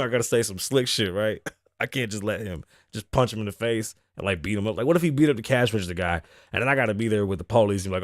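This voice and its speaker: A man's voice: fairly low pitch, animated, fast talker, dry recording, clean studio sound. A man hosting his show, telling a casual, profane story time with lots of laughing. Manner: laughs often between lines. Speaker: host.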